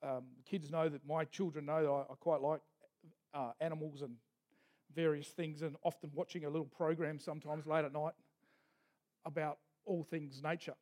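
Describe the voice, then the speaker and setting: A man's voice: fairly high pitch, little pitch movement, moderate pace, a little mellow. A man preaching a sermon as pastor, telling stories in a folksy manner with asides. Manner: storytelling with folksy asides and restarts.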